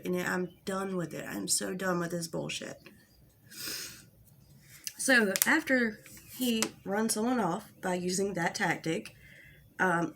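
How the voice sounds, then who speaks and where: An angry woman venting in a casual commentary vlog, blunt and full of swearing. Her voice sits at a middle pitch and her delivery is frustrated. There is faint noise in the background. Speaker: drama commentary YouTuber.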